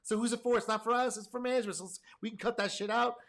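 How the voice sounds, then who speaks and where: A man's voice: very high voice, fairly even intonation, very fast, a bit bright. A man hosting a reaction commentary as a programming teacher, rambling and emphatic with casual swearing. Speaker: host and programming course teacher.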